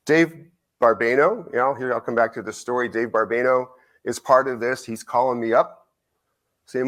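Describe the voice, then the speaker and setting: A middle-aged man giving a conference lecture. He tells an anecdote in an animated way, acts out both sides of the conversation and often asks "right?". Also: mid-range voice, moderate pace. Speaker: nutrition researcher giving a conference talk. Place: lecture hall.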